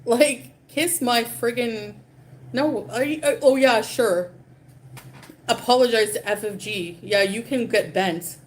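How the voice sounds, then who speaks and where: A woman's voice: on the high side, slow. A woman rants on a casual livestream. She sounds dismissive and profane and rambles from one point to the next. A faint hiss sits under her voice.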